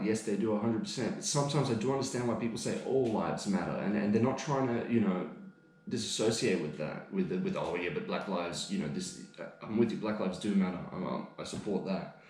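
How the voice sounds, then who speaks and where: A man's voice: on the low side, fairly quick, a little mellow, a little hiss or hum. An Australian man co-hosting a podcast, ranting heatedly and swearing freely in casual chat. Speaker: podcast co-host. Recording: echoey room.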